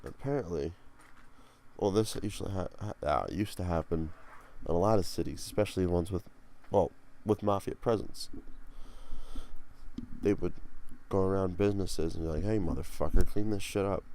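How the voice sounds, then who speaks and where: A young man from Pennsylvania rambles through a solo podcast, cursing freely. His voice sits very low with a gravelly, dark edge. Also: normal speed, a little hiss or hum. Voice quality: profane, rambling, grumbling. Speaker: podcast host. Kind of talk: casual solo podcast monologue.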